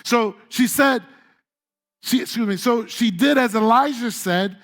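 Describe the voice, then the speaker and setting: Pastor, male, high-pitched voice, chatty sermon delivery with playful asides. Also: a little slow, a bit bright. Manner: conversational and humorous, acting out scripture voices. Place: church.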